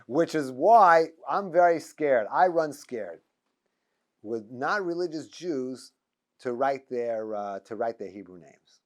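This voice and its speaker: A man's voice: mid-range voice, slow. A middle-aged man giving an informal class as a rabbi, telling stories with frequent restarts and chuckles. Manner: animated storyteller, many restarts and chuckles. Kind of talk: informal lecture with anecdotes.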